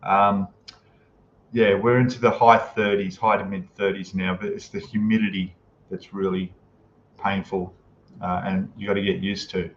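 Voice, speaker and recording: Relaxed man, echoey lo-fi room. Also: sits low, moderate pace. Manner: relaxed, chatty, reads out viewer comments and greets them. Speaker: livestream host. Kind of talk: casual live-stream chat. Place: home room, in Thailand. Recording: echoey room, dull lo-fi sound, faint noise.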